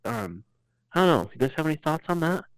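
A man's voice: fairly high pitch, very animated, fast, voice pushed up, rough recording. A man doing a rambling country repairman. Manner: rambling, hesitant storytelling. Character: ailing rural maintenance man with a put-on country drawl. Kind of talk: comedic bit on a podcast.

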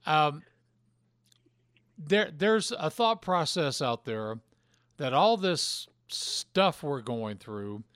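A man hosting a wrestling podcast who speaks in a deliberate, emphatic way. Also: fairly high pitch, animated, fairly bright tone, clear, resonant tone, no room sound, clean studio sound. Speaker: podcast host. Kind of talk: casual chat.

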